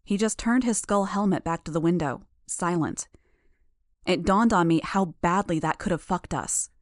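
A woman narrates an audiobook chapter in the first person, with a lowish voice. Her reading is steady and measured. The recording is dry, with no room sound. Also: no room sound.

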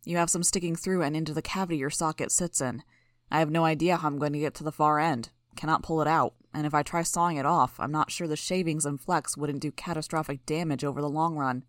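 A woman's voice: deep voice, steady tone, quick pace, no room sound, studio quality, close to an everyday voice. A woman voicing a smug, blunt male street medic with a hard-to-place accent that stresses syllables hard, speaking in a clipped, matter-of-fact way.

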